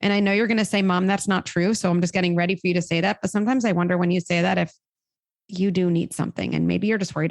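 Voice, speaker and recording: Animated woman psychologist giving advice. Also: lowish voice, quick pace, gravelly, no echo. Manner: animated, acts out quoted dialogue. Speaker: child psychologist guest. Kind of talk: conversational expert advice.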